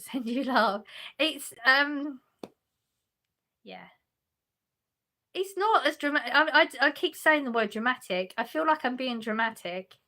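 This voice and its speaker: A woman's voice: fairly high pitch, pushed and bright. A woman, chatting casually on a livestream from her sofa at home, reading out and answering viewers' messages with frequent laughs and restarts. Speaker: livestream host reading chat.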